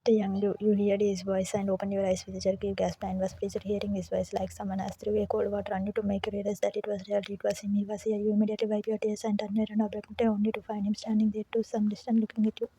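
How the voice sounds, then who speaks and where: A woman reading a fan fiction story aloud in a rushed, halting way, with slips and restarts. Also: medium pitch, monotone, mellow, a little hiss or hum.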